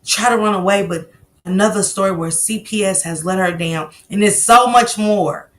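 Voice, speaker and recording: A woman hosting a casual live stream, telling stories loudly and animatedly with slang and swearing. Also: medium pitch, normal speed, a little hiss or hum.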